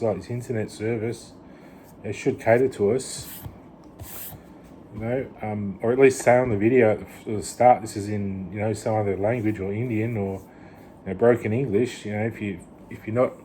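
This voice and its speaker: Rambling man, mellow low voice. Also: slight background noise. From Australia. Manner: rambling, full of restarts and "you know". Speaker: vlogger. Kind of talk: casual rambling monologue to camera.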